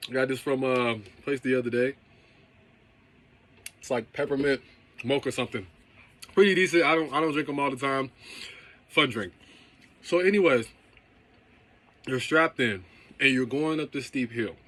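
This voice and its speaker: A man's voice: medium pitch, moderate pace, pauses often, fairly bright tone. A man who runs a car detailing business, giving a casual motivational talk and often checking in with "okay?" and "right?".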